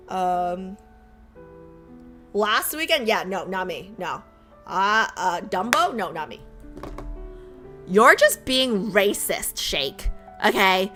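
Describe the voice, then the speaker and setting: A woman streamer chatting casually with her viewers, self-mocking and repeating phrases as she goes, her voice a little raspy. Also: medium pitch, a bit bright. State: slightly raspy voice.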